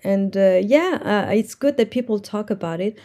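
A woman's voice: mid-range voice, expressive, moderate pace, dark tone. A woman, an entrepreneur, earnestly recounting a personal story from her working life.

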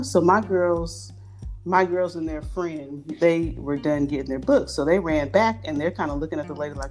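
A woman's voice: low voice, normal speed, soft background music. A woman telling stories in a casual chat, acting out the voices of the people she quotes. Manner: animated, acts out quoted voices.

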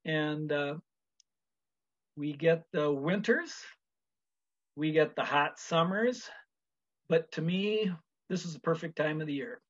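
A man from Minnesota, a wrestling official, talking as a guest in a measured way with many pauses. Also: on the high side, lo-fi sound. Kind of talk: casual interview chat.

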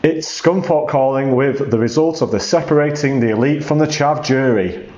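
A man's voice: medium pitch, moderate pace, a little mellow, roomy sound, muffled recording. A man reading out jury votes in a jokey way, half-singing the song titles, on a home recording. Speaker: jury member sending in votes. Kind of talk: recorded vote announcement.

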